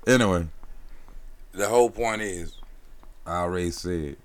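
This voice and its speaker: A man co-hosting a podcast, telling stories in relaxed casual talk full of slang and sayings. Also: low-pitched, unhurried. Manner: laid-back, tells stories with slang and sayings. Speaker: podcast co-host. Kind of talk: casual chat.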